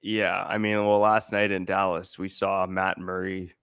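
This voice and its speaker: Male podcast co-host, low and gravelly, measured explainer, dry close mic. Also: little pitch movement, fairly bright tone, no room sound. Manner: measured, explanatory, with many fillers. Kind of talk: casual sports podcast chat.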